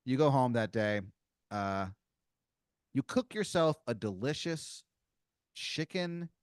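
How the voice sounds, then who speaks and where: A man hosting a comedy podcast, improvising a story in a rambling, halting way with many fillers and giggles. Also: lowish voice, darkish tone, smooth, no echo, studio quality. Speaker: podcast host.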